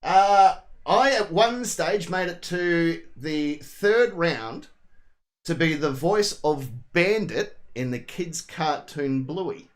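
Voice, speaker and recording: An Australian man co-hosting a casual comedy chat, telling animated, rambling stories and swearing freely. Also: a little high, takes it slowly. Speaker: co-host.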